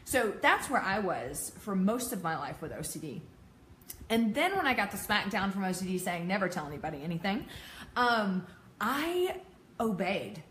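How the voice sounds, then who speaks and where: A woman's voice: medium pitch, very animated, moderate pace, fairly bright tone, a little hiss or hum. A woman in her thirties giving a candid personal talk to an audience, laughing often and making self-deprecating asides. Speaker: peer support speaker. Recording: echoey room.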